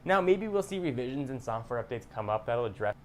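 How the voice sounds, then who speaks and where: A man presenting a scripted gadget review in a measured, explanatory way. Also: mid-range voice, sing-song. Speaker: tech reviewer.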